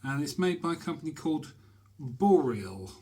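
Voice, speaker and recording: A man chatting to camera from a small bathroom, his delivery easygoing and full of pauses and fillers. His voice sits in an ordinary middle pitch. He sounds like someone filming himself at home. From Britain. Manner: chatty, hesitant with many fillers. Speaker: shaving vlogger. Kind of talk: casual talk to camera.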